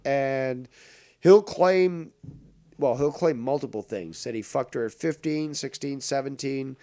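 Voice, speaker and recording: A man hosting a live stream, talking in a mocking, animated way and swearing freely. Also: fairly high pitch, a little slow, over music. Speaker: host.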